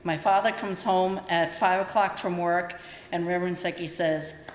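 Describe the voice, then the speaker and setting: A woman's voice: fairly low pitch, fairly even intonation, normal speed, slight background noise. Older woman telling a story in a temple hall. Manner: storytelling, acts out voices in quotes. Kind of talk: dharma talk with personal stories. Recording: roomy hall echo, faint ambience.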